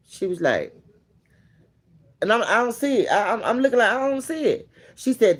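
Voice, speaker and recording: A man hosting a vlog, casually telling a story to a friend in a profane, animated way and acting out what people said. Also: high voice, measured pace, pauses often, husky. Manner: animated, profane, acts out quoted dialogue. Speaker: vlog host.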